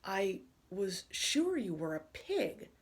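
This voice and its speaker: A woman's voice: medium pitch, very animated, slow, noisy background. A woman voicing a fretful worried elephant. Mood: puzzled. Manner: loud worried exclaiming. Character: anxious elephant, fretful and earnest.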